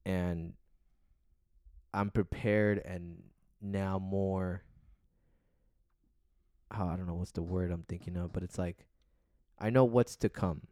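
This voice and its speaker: A man with a very low voice co-hosts a casual podcast. He rambles in a relaxed, meandering way and drops swear words freely. The sound is dry and close. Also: takes it slowly, pauses often, clean tone, no room sound. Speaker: podcast co-host.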